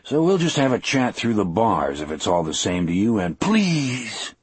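A man voicing a huge, gentle, sorrowful condemned man who speaks in a soft, slow, pleading way. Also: lowish voice, big pitch swings, husky.

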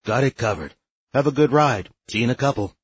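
A man doing a raspy, obliging assistant. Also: mid-range voice, expressive, brisk, lo-fi sound, voice pushed up.

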